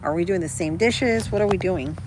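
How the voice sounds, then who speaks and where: A woman's voice: on the low side, a little fast, noisy background. A woman chatting casually with her livestream viewers, rambling and calling them girl and guys. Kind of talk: casual live chat.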